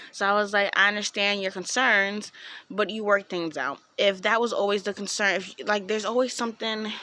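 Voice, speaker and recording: A woman's voice: mid-range voice, bright, forceful tone. A young woman vlogger telling a personal story in a chatty way, acting out what people said with lots of "like" and "um.". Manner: chatty, acts out quoted voices, frequent "like" and "um". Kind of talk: casual storytime vlog.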